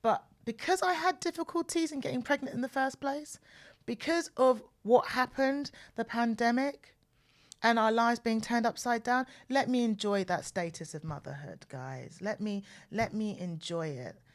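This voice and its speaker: A woman in her forties hosting a podcast, telling personal stories in an animated way and repeating phrases for emphasis, close to the mic. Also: a little high, normal speed. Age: 40s. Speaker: podcast host. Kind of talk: personal storytelling monologue. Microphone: mic close to the mouth.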